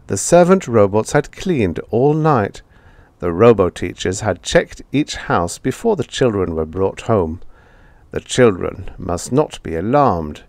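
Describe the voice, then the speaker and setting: A man reading a vintage science fiction story aloud in a measured, expressive storytelling manner. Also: fairly low pitch, no echo. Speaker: audiobook narrator. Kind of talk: scripted narration.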